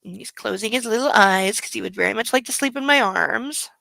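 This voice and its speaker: A woman's voice: a little high, brisk, vocal fry, sharp tone, no echo, rough recording. A woman hosting a casual late-night livestream from home, cooing baby talk to her dog and swearing freely. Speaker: livestream host.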